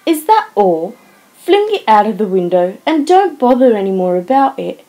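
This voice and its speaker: A woman's voice: a little high, very animated, normal speed, mellow. A woman reading an audiobook, voicing an anxious young husband who speaks in an urgent, reassuring way. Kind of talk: audiobook character voice.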